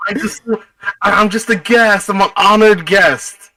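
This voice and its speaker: A man's voice: high voice, measured pace, far from the mic, over a noisy crowd. A man joining a casual gaming podcast as a guest, making playful, theatrical asides.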